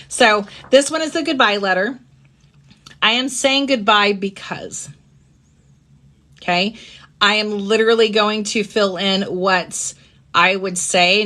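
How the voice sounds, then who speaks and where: A woman hosting a live-streamed personal talk. She speaks reflectively and gently, often checking in with her listeners by asking "right?". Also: mid-range voice. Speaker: host.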